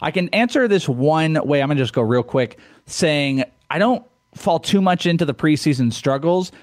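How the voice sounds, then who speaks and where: A man co-hosting a casual sports radio podcast, talking in an upbeat way with quick jokes and asides. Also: fairly high pitch, expressive, no room sound, studio quality. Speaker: podcast co-host.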